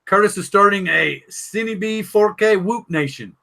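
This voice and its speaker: Southern male host, high bright voice, jokey rambling live-stream delivery. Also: measured pace, vocal fry. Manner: rambling, joking, reads chat aloud. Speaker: podcast host.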